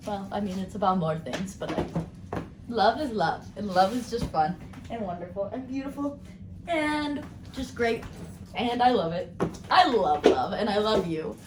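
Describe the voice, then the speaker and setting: A woman giving a casual tarot card reading, bubbly and rambling as she talks excitedly. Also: mid-range voice, unhurried, reverberant, background noise. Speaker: tarot reader.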